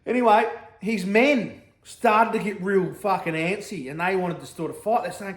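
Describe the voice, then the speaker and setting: A man's voice: sits high, moderate pace, roomy sound. A man with an Australian accent telling an old story in crude slang, swearing and checking in with his listener.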